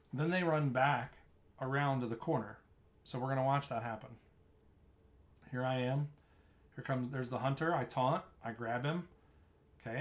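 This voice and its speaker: Chatty man walking through game footage. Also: mid-range voice. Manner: loose and chatty, narrates replay footage with frequent restarts. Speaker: streamer explaining raid tanking. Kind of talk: casual gameplay walkthrough.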